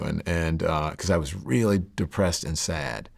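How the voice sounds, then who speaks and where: A middle-aged man as an interview guest, candidly telling personal stories in a reflective, halting way with many fillers and restarts. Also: deep voice, creaky.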